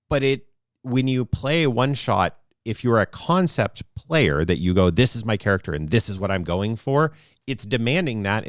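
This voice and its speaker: A man with a lowish voice co-hosts a podcast as the game master, speaking into a close mic with no echo. His talk is casual podcast discussion, rambling and thoughtful.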